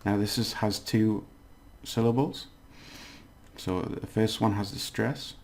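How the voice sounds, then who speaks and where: A man giving a casual language lesson, explaining slowly and repeating words, with many fillers. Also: fairly low pitch, fairly even intonation, creaky. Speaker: language teacher.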